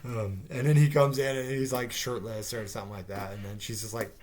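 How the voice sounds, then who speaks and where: A man's voice: fairly low pitch, fairly even intonation, a little fast, darkish tone. A man giving a casual spoken review of a TV episode, rambling and sarcastic, with fillers and swearing. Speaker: TV show reviewer.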